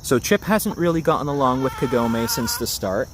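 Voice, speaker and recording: A man from Japan chatting casually on a livestream about his chickens, recorded outdoors on a phone camera in a backyard, coaxing his birds in a soft sing-song. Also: medium pitch, normal speed. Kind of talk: casual live-stream chat. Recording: outdoor phone recording with steady background noise. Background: chickens clucking, insects chirping.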